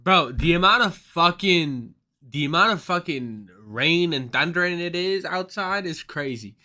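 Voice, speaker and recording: A male streamer ranting casually on a livestream, profane and excitable, rambling from one thought to the next. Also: on the high side, measured pace.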